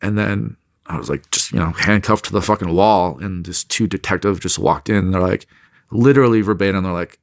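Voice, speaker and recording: Low-voiced man telling a hard story. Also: no room sound, studio quality. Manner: halting, with many restarts and fillers. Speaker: interview guest. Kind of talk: recounting a story in an interview.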